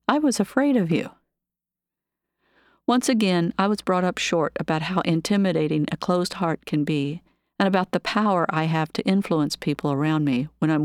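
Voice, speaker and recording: A woman calmly reading her own memoir of work as a nurse, with measured, even storytelling. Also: fairly low pitch, no echo, clean studio sound.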